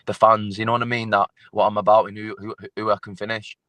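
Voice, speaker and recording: Blunt, sweary fighter. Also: male voice, fairly low pitch, level tone, fast talker, sharp tone, no echo. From England. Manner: swearing, blunt, repeats himself. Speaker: MMA fighter guest. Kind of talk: casual interview chat.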